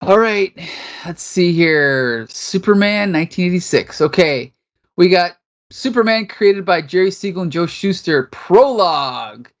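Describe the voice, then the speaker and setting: A man's voice: sits high, expressive, unhurried. A man co-hosting a podcast, casually retelling a comic book with lots of fillers, restarts and frequent laughs. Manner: rambling, laughs often, many fillers. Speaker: podcast co-host.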